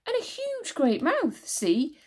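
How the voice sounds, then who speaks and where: A woman's voice: sits high, huge pitch swings, takes it slowly, darkish tone, voice pushed up, full character voice. A woman doing a sceptical young boy, Alfie. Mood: earnest.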